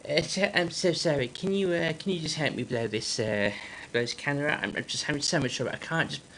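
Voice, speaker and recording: Man doing a frazzled father, pleading, stammering, a bit raised in pitch. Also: brisk, a bit bright, a little hiss or hum, close to an everyday voice. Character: flustered middle-aged father pleading for help.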